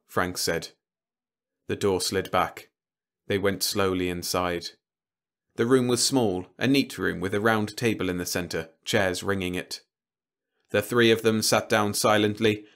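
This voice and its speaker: A man narrating an audiobook in scripted narration, with an even, steady storytelling delivery. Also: on the low side, a little slow.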